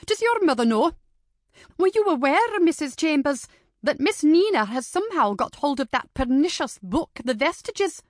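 A woman putting on a pompous, shrill, scandalized lady. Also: lively intonation, moderate pace, few pauses, fairly bright tone, dry recording, studio quality. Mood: indignant. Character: haughty indignant older lady, easily offended.

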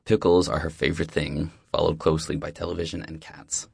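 A man's voice: a bass voice, fairly even intonation, moderate pace, creaky, breathy edge, no echo, clean studio sound. A man narrating a first-person audiobook in a reflective, wry, confiding way.

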